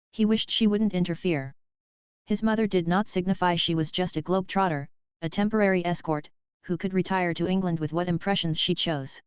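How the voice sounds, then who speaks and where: A woman narrating an audiobook in a measured, even reading. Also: on the low side, clean tone, no echo. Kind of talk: scripted narration.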